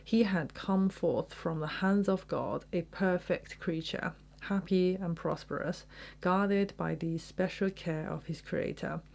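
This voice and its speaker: A woman voicing a lonely, sorrowful man-made male creature in a slow, mournful reading. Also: on the low side, gravelly, darkish tone.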